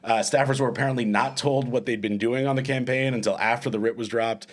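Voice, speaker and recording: A man's voice: mid-range voice, steady tone, fast. A man hosting a comedic panel podcast, rambling and self-mocking, often laughing as he talks. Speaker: podcast host. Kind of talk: casual comedic panel chat.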